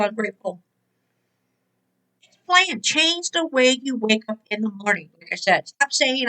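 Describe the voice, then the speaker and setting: A woman's voice: sits high, animated, moderate pace, sharp tone, poor audio. A woman hosting a spiritual motivational talk, emphatic and exhorting, repeating her key words. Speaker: host and motivational speaker.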